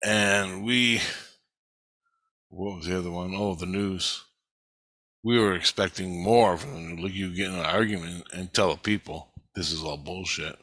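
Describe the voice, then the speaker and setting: Man, low voice, swearing, rambling, repetitive, tense, dry. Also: unhurried, sharp tone, no echo. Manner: profane, agitated, repeats himself. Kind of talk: angry rambling monologue.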